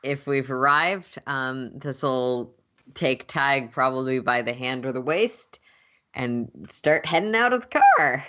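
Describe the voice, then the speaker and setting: A woman's voice: very deep voice, expressive, slow, sharp tone, dull audio. A woman player in a tabletop game, talking in character in a level-headed, practical way. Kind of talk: in-character role-play chat.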